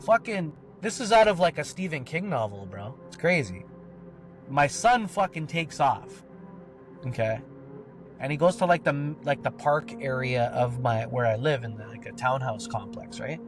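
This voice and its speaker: A man's voice: medium pitch, expressive, moderate pace, soft background music. A man telling a personal story on a podcast, rambling and swearing, with lots of filler words. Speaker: podcast co-host. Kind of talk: casual storytelling.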